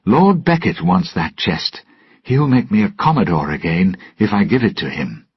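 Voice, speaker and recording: Man doing a proud scheming naval officer, forceful, husky, muffled lo-fi. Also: low voice, very animated, moderate pace, dry recording, voice pushed up, heavily acted.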